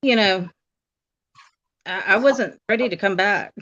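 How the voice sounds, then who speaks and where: A woman's voice: mid-range voice, a little slow, fairly bright tone. A woman from the United States chatting casually on a live stream and telling stories, laughing often. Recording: dull, lo-fi stream audio.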